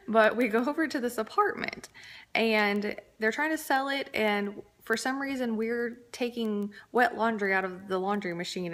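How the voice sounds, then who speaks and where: A woman's voice: medium pitch, a bit bright. A woman vlogger, around her thirties, casually telling a rambling story to camera, with fillers and asides.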